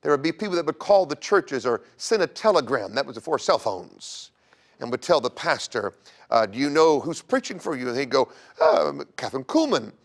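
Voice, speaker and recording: A man guest-hosting a Christian broadcast, telling a church history story like a sermon, swinging between loud emphatic bursts and hushed near-whispers. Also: medium pitch, big pitch swings, moderate pace, creaky. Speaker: guest host. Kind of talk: preaching history talk.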